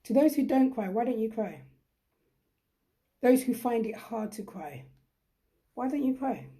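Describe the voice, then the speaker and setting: A woman's voice: a little high, animated, unhurried, dark tone. A middle-aged woman hosting a reflective live-stream talk, speaking earnestly and repeating phrases for emphasis. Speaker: host.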